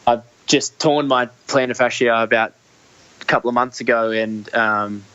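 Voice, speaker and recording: A man's voice: mid-range voice, fairly even intonation, moderate pace, sharp tone, clear, resonant tone, highs cut off. A young Australian man talking casually in an interview, hesitant, with many restarts and fillers. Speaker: guest, Olympic triathlete.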